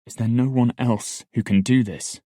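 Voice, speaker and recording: A man's voice: fairly low pitch, brisk, dark tone, dry recording, clean studio sound, close to an everyday voice. A man voicing an earnest, hot-tempered young man in an audiobook, with heated, pleading outbursts. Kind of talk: audiobook dialogue.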